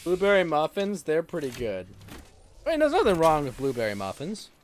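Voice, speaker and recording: A man's voice: a little high, wildly swooping pitch, a little fast, a little hiss or hum. A man, ranting and swearing during a casual livestream chat while gaming. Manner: ranting, exasperated, swears freely. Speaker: streamer.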